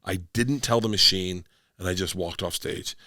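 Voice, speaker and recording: Man, middle-aged, from Florida, loud, rambling, profane, bright tone, dry studio. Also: low-pitched, moderate pace, no room sound. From Tampa, Florida. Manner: loud, rambling, swears often, acts out quotes. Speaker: podcast guest, comedian. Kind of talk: casual storytelling.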